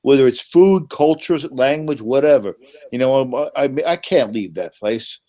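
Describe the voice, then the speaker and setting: Profane New man, animated. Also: mid-range voice, a little slow. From New York. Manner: animated, profane, frequent restarts. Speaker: panelist. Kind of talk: casual chat.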